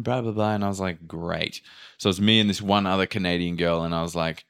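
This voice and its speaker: Telling a travel story on his podcast, a man swears freely and acts out quotes as he casually recounts a chaotic trip. He speaks quickly in a lowish, smooth, fairly bright voice with fairly even intonation.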